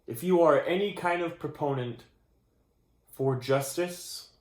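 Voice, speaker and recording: A man's voice: on the high side, unhurried, darkish tone. A tired young man in his channel vlog, rambling through a mock-serious rant late at night and trailing off mid-sentence. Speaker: channel host. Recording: roomy echo.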